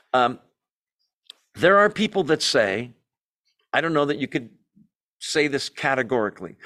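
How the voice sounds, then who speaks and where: A man leading a Bible study in a conversational, animated way, joking and acting out quotes as he goes. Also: mid-range voice. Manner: animated, jokey, acts out quotes in asides. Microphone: video call or room mic, class also on Zoom.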